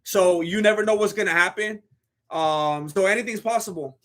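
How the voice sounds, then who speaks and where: A man's voice: high voice, moderate pace, fairly bright tone. A man hosting a live fight commentary stream, talking in a blunt, joking, chatty way.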